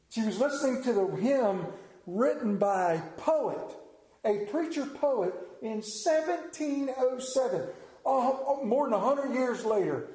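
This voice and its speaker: Male pastor, sermon, mellow voice, fairly high pitch, echoey room. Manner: conversational storytelling, self-deprecating humor. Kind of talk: sermon with scripture reading and prayer.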